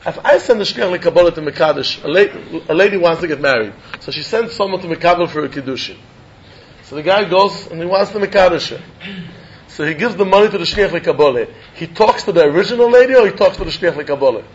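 A man teaching a Talmud lesson, reasoning aloud in an animated way, often chuckling and repeating words. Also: sits high, fast, a little hiss or hum. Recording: dull lo-fi recording.

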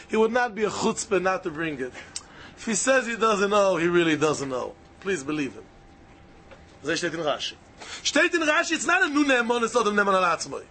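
A high-voiced man leads a Talmud study lesson, his pitch leaping up and down as he argues each side aloud. He hammers his points home by repeating them, and his tone stays bright and forceful throughout. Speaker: Talmud teacher.

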